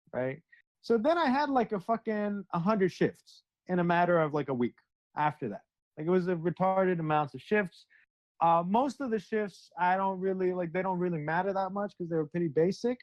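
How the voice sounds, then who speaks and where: A young man with a somewhat high voice tells a spiritual story in loose, profane slang and acts out both sides of every conversation. The recording is dry and a little muffled. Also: no echo. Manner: slangy, profane, animated retelling with quoted dialogue. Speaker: satsang speaker. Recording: dry, dull lo-fi sound.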